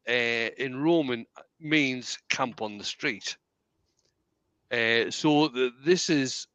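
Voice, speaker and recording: A man's voice: mid-range voice, pushed and bright, clear, resonant tone, dry recording. A man with a County Durham accent, chatting and telling stories on a live stream, laughing and repeating words as he goes. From County Durham, England. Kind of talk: casual chat.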